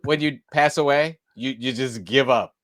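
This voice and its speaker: A middle-aged man co-hosting a podcast in casual banter, tossing off quick joking one-liners. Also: mid-range voice, a bit bright, dry recording, clean studio sound. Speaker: podcast co-host.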